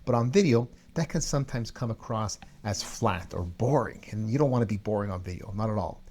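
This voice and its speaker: A man's voice: on the low side, expressive, brisk, a little mellow, a little hiss or hum. A man hosting a video coaching show, talking energetically and stressing key words as he teaches. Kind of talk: energetic instructional talk.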